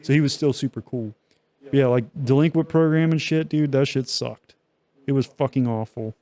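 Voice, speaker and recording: A man's voice: medium pitch, normal speed, warm tone, no room sound. A young man co-hosting a podcast, telling a long story in loose, profane casual chat with many fillers. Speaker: podcast co-host.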